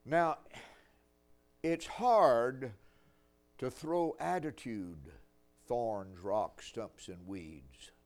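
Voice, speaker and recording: A man's voice: medium pitch, drawn-out words, pauses often. An older man preaching a sermon, telling folksy stories with dry humor.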